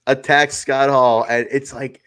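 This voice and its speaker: Man, podcast co-host, loose chatty delivery, cursing, bursts of excitement. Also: medium pitch, measured pace, clear, resonant tone. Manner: excitable, swears freely, acts out quotes. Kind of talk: casual wrestling review chat.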